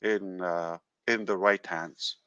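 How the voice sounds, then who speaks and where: A man hosting a live call, talking in a halting way with many fillers and restarts. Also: low-pitched, fairly even intonation, pushed and bright, clean tone, no echo, muffled recording. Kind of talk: casual live call talk.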